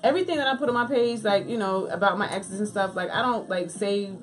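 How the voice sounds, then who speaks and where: A woman co-hosting a casual livestream chat, animated and talkative, quick to jump in. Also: mid-range voice, soft background music. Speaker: co-host.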